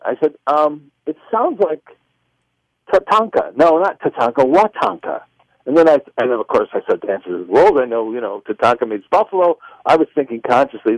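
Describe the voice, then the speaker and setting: A male author and filmmaker, a guest on a radio interview, telling a personal story with lively delivery and acting out both sides of remembered conversations. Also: mid-range voice, fairly quick, dry recording. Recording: muffled, lo-fi radio phone-in line.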